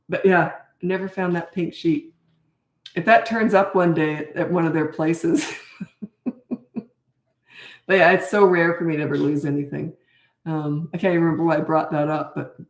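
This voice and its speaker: An older Canadian parenting coach chats casually and bluntly during a live Q&A, laughing often and losing her thread. Her voice is lowish, with a roomy sound.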